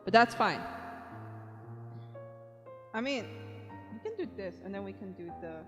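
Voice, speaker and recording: A young woman art streamer chats cheerfully with her viewers in an animated, mid-range voice at an unhurried pace. She counts aloud as she draws and giggles often, heard with long reverb and faint background music.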